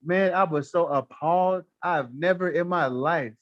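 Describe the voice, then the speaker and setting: A man's voice: on the high side, unhurried, no echo. Blunt, profane man with dull lo-fi sound. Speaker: livestream guest. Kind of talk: casual storytelling on a live stream.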